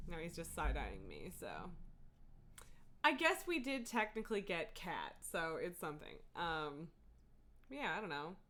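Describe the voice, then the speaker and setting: A woman's voice: on the low side, very animated, measured pace, fairly bright tone, slight background noise. A woman livestreaming a game, chatting casually from home in a rambling way, full of fillers and frequent laughs. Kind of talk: casual gameplay chat.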